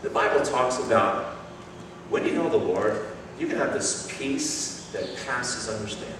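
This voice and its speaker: A male pastor preaching a sermon, telling stories in an animated, self-mocking way. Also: mid-range voice, measured pace, background noise. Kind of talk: sermon with humorous storytelling. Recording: echoey hall, mic far off.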